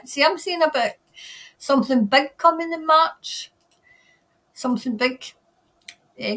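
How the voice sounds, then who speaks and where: A woman's voice: a little high, bright, forceful tone. Chatty Scottish woman greeting livestream viewers. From Scotland. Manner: chatty, reads comments aloud, greets viewers by name. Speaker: tarot livestream host reading viewer comments. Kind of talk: casual livestream chat. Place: New Zealand.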